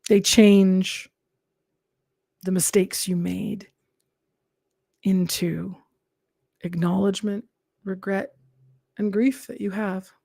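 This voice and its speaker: Slow, gravelly woman streamer. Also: medium pitch, flat delivery, no room sound, studio quality. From Canada. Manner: gentle, earnest, drops into soft whispered asides. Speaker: live streamer. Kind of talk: calm reflective live-stream talk.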